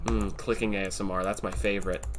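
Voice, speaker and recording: A man's voice: on the low side, level tone, quick pace, slight background noise. A man streaming a game, talking casually to his chat with offhand swearing. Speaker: streamer, host. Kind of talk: gameplay commentary.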